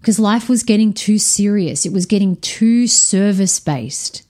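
A woman hosting her own podcast as a coach, talking in an energetic, frank monologue and swearing freely. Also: medium pitch, a little slow.

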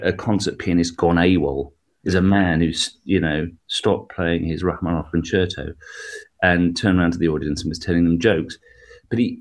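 Rambling, lowish-voiced male comedian guest. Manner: rambling, animated, with many restarts. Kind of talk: radio interview conversation.

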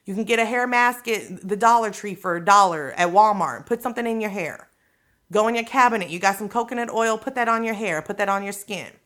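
A woman talks straight to her podcast listeners in a casual motivational monologue. Her voice is bright and forward, sitting at an ordinary pitch for a woman. She coaxes and pushes with slangy, direct phrasing, checking in often with "you know what I'm saying?". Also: brisk. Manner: colloquial, slangy delivery. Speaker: podcast host.

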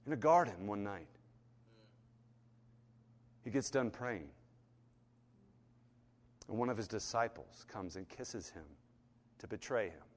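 A man preaches a sermon, narrating a story and performing its voices, shifting from hushed and low to loud and fervent. A long hall reverb surrounds the recording.

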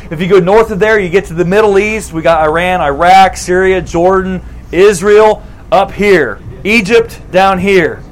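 A man preaching a sermon as a pastor, conversational and animated, repeating phrases for emphasis. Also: sits high, a little hiss or hum, poor audio.

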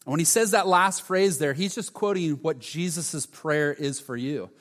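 Male pastor, sermon, slightly high voice, dramatic storytelling, hushed to loud, echoey church hall. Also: moderate pace.

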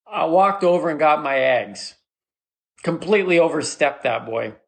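A man hosting a comedy podcast, telling a rambling story in an animated, mock-rallying way, jumping into a squeaky high voice for the people he quotes. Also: normal speed, vocal fry. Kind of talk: solo comedic monologue.

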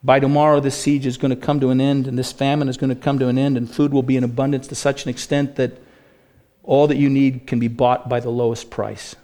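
A man preaching a sermon with passion, climbing loud on quoted questions and dropping low and soft for promises of mercy. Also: flat delivery, fairly quick. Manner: impassioned preaching, rising to near shouts on quoted lines. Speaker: pastor.

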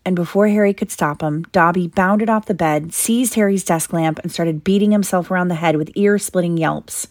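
Mother reading a storybook in a low voice. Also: normal speed, hardly any pauses, no room sound, clean studio sound. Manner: steady storybook narration. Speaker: mother reading to her child.

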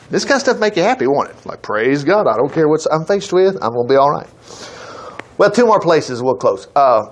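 A man preaching a casual, folksy sermon, acting out the people he quotes. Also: high voice. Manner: folksy, animated, acts out quotes.

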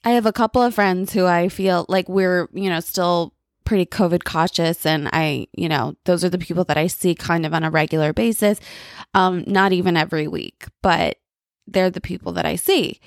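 A woman hosting a podcast alone, talking in a candid, reflective and halting way while she feels worn out and frayed. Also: on the low side, steady tone, creaky, dry recording, studio quality. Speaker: podcast host. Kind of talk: casual personal monologue.

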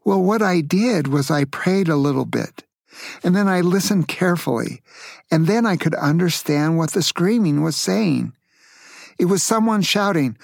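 A man's voice: a little high, lively intonation, normal speed, gravelly, no echo, clean studio sound. An older man from Tacoma, Washington, telling a family story to grandchildren in a playful way, asking the listener questions. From Tacoma, Washington, USA.

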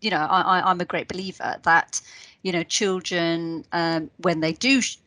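A woman's voice: lowish voice, steady tone, normal speed, pushed and bright, dry recording. A woman interviewing a guest, hesitant and full of fillers as she asks her questions. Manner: hesitant, many fillers when asking.

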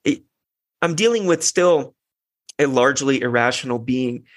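A man's voice: medium pitch, moderate pace, no room sound. A young man hosting a parenting podcast, talking earnestly in a reflective casual monologue, with frequent restarts and fillers. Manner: earnest, many restarts and "you know" fillers.

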